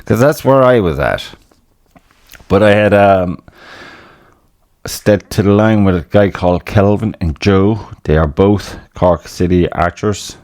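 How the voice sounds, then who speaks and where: A man's voice: sits low, measured pace, a little mellow, no room sound, studio quality. An Irish man hosting a podcast in a casual, rambling monologue, swearing a lot and laughing at himself. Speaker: podcast host.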